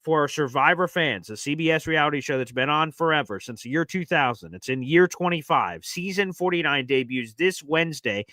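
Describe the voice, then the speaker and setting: A man co-hosts a live sports talk stream with a bright, forceful voice pitched a bit high. He talks in an energetic, promotional way. The sound is dry and close. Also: a little fast, few pauses, dry recording. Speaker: sports show co-host.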